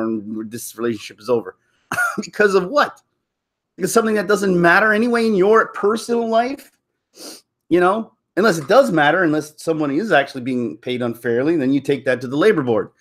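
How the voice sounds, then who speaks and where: Guy ranting on his channel, kinda high voice, lots of restarts n chuckles. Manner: rambling, restarts, laughs at own jokes. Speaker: YouTube commentator. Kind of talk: casual opinion vlog.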